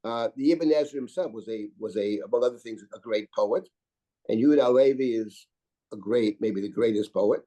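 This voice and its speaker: A man's voice: on the low side, a little fast, warm tone, rough recording. An older man, a rabbi, teaching a Torah class in a discursive lecture style, reading Hebrew verses aloud and often restarting his sentences. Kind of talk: lecture on biblical commentary.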